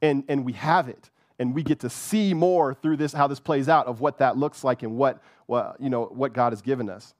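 A man's voice: medium pitch, normal speed, dry recording, clean studio sound. A man preaching a sermon with fervor, repeating words and often checking in with "right?". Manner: fervent, repeats words, keeps asking "right?".

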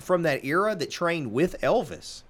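A man in his forties, a podcast host and lawyer, chatting casually and telling stories in an animated, self-deprecating way. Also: a little high, a little slow. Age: 40s. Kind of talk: casual chat.

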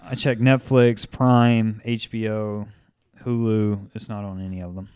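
A man's voice: on the low side, level tone, unhurried, a little mellow, clear, resonant tone. Laid-back man in podcast chat. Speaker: podcast co-host. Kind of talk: casual chat.

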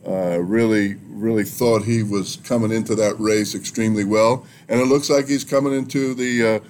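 A man's voice: lowish voice, steady tone, normal speed, darkish tone. A man hosting a podcast interview, friendly and joking as he leads the questions. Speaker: podcast host.

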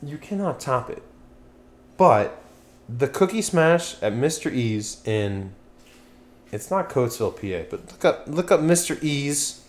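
A man's voice: mid-range voice, animated, unhurried. A young man from Pennsylvania hosting a podcast, chatting casually, rambling, swearing and losing his train of thought. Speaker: podcast host. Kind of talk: casual chat.

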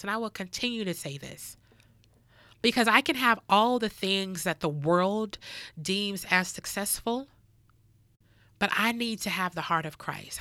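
A woman's voice: medium pitch, sharp tone, no room sound, clean studio sound. A woman hosting a devotional podcast, teaching in an earnest, preacherly way, repeating key phrases and calling listeners child and baby. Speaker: podcast host.

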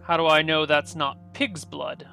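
A man's voice: on the high side, fairly even intonation, measured pace, bright, forceful tone, faint music behind. A man voicing a suspicious, paranoid baron who questions strangers curtly. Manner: suspicious, curt, interrogating. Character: wary paranoid male baron, older lord.

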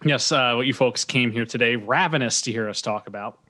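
A man's voice: medium pitch, fairly quick, bright, forceful tone. A man co-hosting a casual podcast, making dry jokes and rambling asides. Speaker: podcast co-host.

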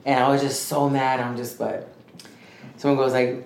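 A man co-hosting a podcast, telling a story in a rambling, animated way and acting out what others said. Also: mid-range voice, normal speed. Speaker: podcast co-host. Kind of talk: casual storytelling chat. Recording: echoey room with faint noise.

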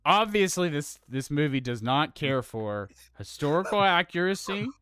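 A man co-hosting a casual movie review chat, ranting in an animated, profane, exasperated way. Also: on the high side, moderate pace. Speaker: podcast co-host.

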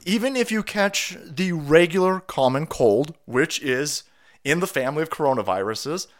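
Man, congested, winded, casual livestream rant, mocking sarcastic tone, lively swooping pitch. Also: moderate pace. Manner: sarcastic, profane, rambling with mocking asides. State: stuffy nose from a cold. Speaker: streamer host.

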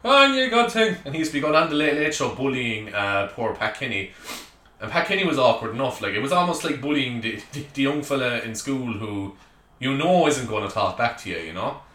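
A man's voice: medium pitch, expressive, fairly quick, fairly bright tone. An Irish man hosting a solo comedy podcast, ranting chattily with lots of joking asides, recorded in a small room at home. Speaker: podcast host. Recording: echoey room.

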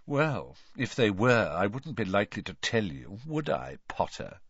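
A smug teenage boy wizard who drawls each line lazily, dropping to a soft, cold sneer, as a male narrator puts him on. The sound is dry and a little dull, like a lo-fi audiobook recording. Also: on the low side, big pitch swings, measured pace, husky, no room sound, heavily acted. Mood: lazy mocking. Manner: drawling, lazy, mocking.

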